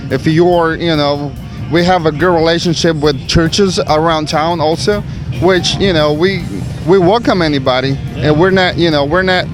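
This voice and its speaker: A restaurant owner speaking haltingly in a casual outdoor interview. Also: male voice, on the high side, steady tone, music in the background. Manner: halting, many fillers.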